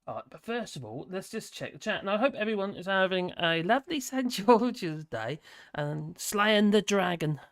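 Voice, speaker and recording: A man's voice: high-pitched, lively intonation, moderate pace. A man hosting a live stream, chatting casually with a rambling, chuckling, sarcastic manner.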